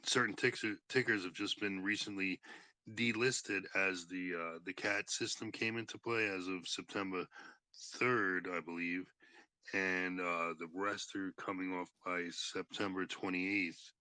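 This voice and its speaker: A man chatting casually on a podcast, talking hesitantly with many pauses. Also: low voice, fairly even intonation, pushed and bright, dry recording. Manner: hesitant, full of fillers and restarts. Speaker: podcast participant. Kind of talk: casual chat.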